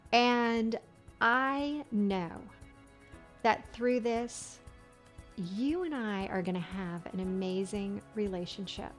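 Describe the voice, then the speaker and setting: A woman hosting a podcast, telling a funny personal story in a chatty way and laughing along as she goes. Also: medium pitch. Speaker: podcast host.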